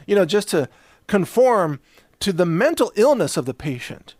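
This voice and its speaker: A man delivers a sarcastic opinion monologue as the host of his own show. His voice sits fairly high and swings widely in pitch as he mocks his subject. The sound is dry and close, with no room echo. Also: very animated, moderate pace. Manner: sarcastic, mocking, acts out quoted voices.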